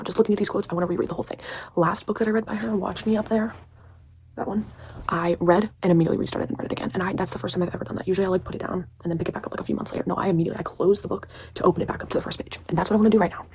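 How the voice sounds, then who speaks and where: Gushing fast-talking young woman. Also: on the low side, vocal fry, slight background noise. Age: young adult. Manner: gushing, filler-heavy, often drops to a whisper. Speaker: book reviewer. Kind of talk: casual book review vlog.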